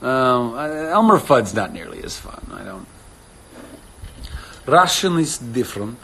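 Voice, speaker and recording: A man's voice: medium pitch, sing-song, a little slow, gravelly, a bit bright, a little hiss or hum. Playful man rambling on a phone livestream. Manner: playful and rambling, trying out accents. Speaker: actor hosting a livestream. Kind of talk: casual livestream chat answering comments.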